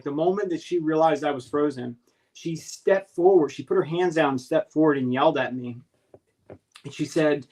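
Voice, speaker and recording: A man earnestly recounting a strange encounter in casual talk, halting and restarting as he searches for words. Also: on the high side, poor audio. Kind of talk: casual spoken storytelling.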